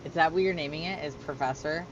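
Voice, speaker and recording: A man joking and laughing through a tabletop role-playing session, trading quick banter with his group. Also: on the high side. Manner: lively, joking, laughing often. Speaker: player and game master. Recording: dull audio with clear background noise.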